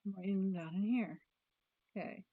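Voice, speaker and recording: A woman vlogger chats casually about planners, thinking aloud, restarting sentences and letting them trail off. Her voice is medium-pitched at a normal speed, with no echo and phone-quality sound.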